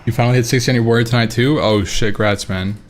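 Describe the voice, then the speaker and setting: A man's voice: medium pitch, quick pace. Profane ranting male game streamer. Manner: animated, profane, laughing ranting. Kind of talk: casual late-night stream storytelling.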